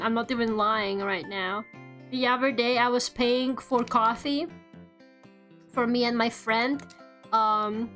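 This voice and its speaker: Chatty young woman streamer, slightly high voice. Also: a bit bright. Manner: rambling and playful, heavy use of "like", swears casually. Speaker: VTuber streamer. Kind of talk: casual chat while drawing on stream.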